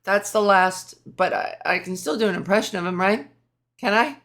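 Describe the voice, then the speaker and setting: A woman's voice: mid-range voice, lively intonation, normal speed, fairly bright tone. A woman hosting a solo podcast, ranting in a profane, sarcastic, rambling way. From Canada. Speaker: podcast host. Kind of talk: casual solo podcast rant.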